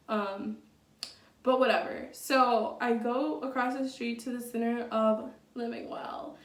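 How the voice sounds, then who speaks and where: A woman's voice: fairly high pitch, steady tone, normal speed, far from the mic. Chatty young woman in an echoey room. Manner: chatty, many fillers, blunt and profane. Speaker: vlogger. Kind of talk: casual storytime.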